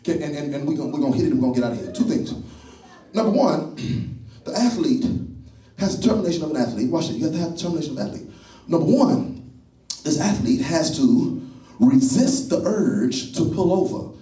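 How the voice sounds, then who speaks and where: A man preaching a sermon in a church, repeating phrases, calling on the congregation and building to shouts. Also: fairly high pitch, very animated, fairly quick. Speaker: pastor. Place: church sanctuary. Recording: echoey church from a distance.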